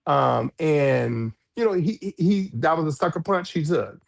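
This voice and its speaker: A man telling a story as a podcast guest, frank and animated, with cursing and sudden high jumps in pitch when he quotes people. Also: unhurried, creaky. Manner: frank, swears freely. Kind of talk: storytelling in a casual interview.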